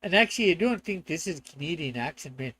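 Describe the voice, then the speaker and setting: A man voicing a hammy, stereotyped Canadian man with a loud, exaggerated drawl. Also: fairly high pitch, lively intonation, fast, dry recording.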